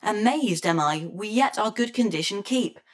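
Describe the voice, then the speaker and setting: A woman's voice: medium pitch, animated, moderate pace, natural voice. A woman playing a fussy, prim robot butler. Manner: formal, prim and worried. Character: fussy, anxious male protocol robot. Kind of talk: amateur audio drama in mock-Shakespearean verse. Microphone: home computer mic.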